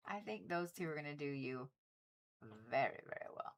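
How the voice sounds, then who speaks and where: A woman's voice: low-pitched, expressive, normal speed, slight background noise. A woman hosting a livestream, chatting casually and repetitively with viewers and swearing freely. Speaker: livestream host reading zodiac forecasts.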